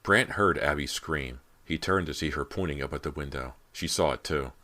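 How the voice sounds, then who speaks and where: A man reading a teen horror novel as audiobook narrator, in a steady, measured way. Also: extremely low pitch. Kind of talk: scripted narration.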